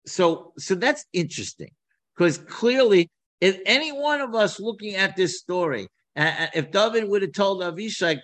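A man teaching a scripture class, talking in an animated way with many repeats and restarts. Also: high-pitched, poor audio. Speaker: Torah teacher.

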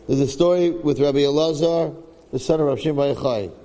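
A rabbi with a fairly high, mellow voice gives a sermon-style Torah class a little fast, with a long reverb tail. He tells a story emphatically, weaving in Hebrew phrases and repeating lines.

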